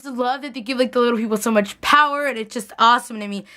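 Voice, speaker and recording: Gushing young woman vlogger, high voice. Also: fast talker, pushed and bright. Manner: gushing fangirl chatter, lots of "like". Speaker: TV recap vlogger. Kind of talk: casual recap vlog.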